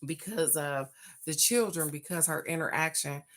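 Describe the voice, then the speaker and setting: A woman's voice: sits low, normal speed, slight background noise. An older woman, chatting casually and folksily as a host, laughing often and stretching words for emphasis. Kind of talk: casual card-reading chat.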